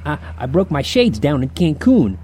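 A man's voice: a little high, very animated, normal speed, mellow, slightly rough. An actor playing a jovial, sleazy male demon who talks in slangy, chuckling banter in an audio drama. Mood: wisecracking.

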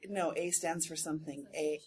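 A woman voice actor speaking on a convention panel, chatty and quick to correct herself, laughing easily. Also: sits low, fairly even intonation, darkish tone, a little hiss or hum.

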